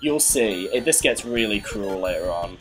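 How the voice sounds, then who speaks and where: A young man with a fairly low voice talks over a hard retro game he is playing, cursing at his deaths and laughing at himself. Faint game music plays behind him. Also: animated, normal speed, poor audio. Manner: frustrated, swearing, laughing at himself. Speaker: let's play host. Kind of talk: casual game commentary.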